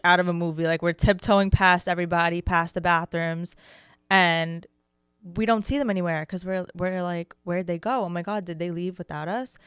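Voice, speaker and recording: A young woman co-hosts a podcast, her medium-pitched voice smooth and dry in a studio-quality recording. She tells stories in casual chat as an animated storyteller, swearing freely and acting out what people said.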